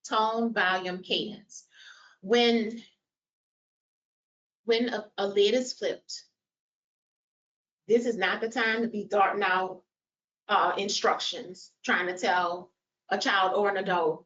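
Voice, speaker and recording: A woman presenting a caregiver training workshop, explaining concepts and asking the audience questions. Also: mid-range voice. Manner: animated, quizzes audience with show of hands. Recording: dull lo-fi sound.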